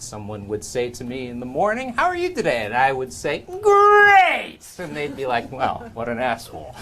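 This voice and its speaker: A man's voice: a little high, fairly bright tone. A man competing on a comedy panel game, telling off-the-cuff stories and mimicking other people. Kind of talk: improvised comedy speaking game.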